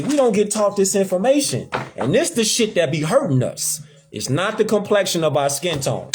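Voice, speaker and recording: A man's voice: on the high side, slight background noise. A man hosting a casual talk, speaking emphatically and with swearing, repeating his points. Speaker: host. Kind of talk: casual conversation, preachy.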